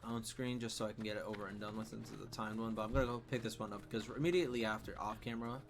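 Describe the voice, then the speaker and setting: A man's voice: fairly low pitch, fairly even intonation, rapid-fire, noisy background. A man hosting a let's play, chatting casually and correcting himself often as he plays. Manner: rambling, self-correcting. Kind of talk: casual game commentary.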